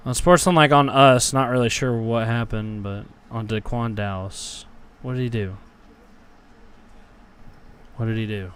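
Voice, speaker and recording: A man's voice: medium pitch, fairly even intonation, a little slow, fairly bright tone, smooth. A young man reacting live to a football game, grumbling and cursing at his team and then erupting into cheers on big plays. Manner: frustrated, swears, talks back to chat.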